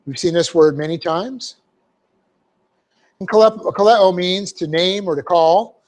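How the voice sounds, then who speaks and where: A middle-aged pastor in a church hall gives a verse-by-verse teaching sermon, going through a Bible passage word by word with frequent "okay?" checks and homely asides. His voice sits high and a little mellow, and he speaks a bit slowly, pausing often.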